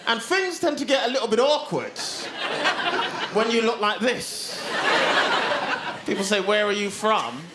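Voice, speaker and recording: Comic hosting stand-up, chatty and self-mocking, high-pitched, recorded live in a reverberant space. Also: male voice, animated, unhurried, long pauses, over a noisy crowd, very noisy. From Black Country, England. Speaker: comedy show host. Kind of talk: stand-up comedy.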